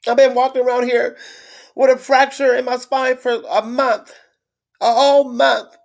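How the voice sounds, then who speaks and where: A woman chatting casually on a live stream to her viewers, venting in a frustrated, blunt way with swearing and halting restarts. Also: high voice, flat delivery, vocal fry, a little mellow. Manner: halting with many fillers and restarts. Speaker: livestreamer greeting viewers.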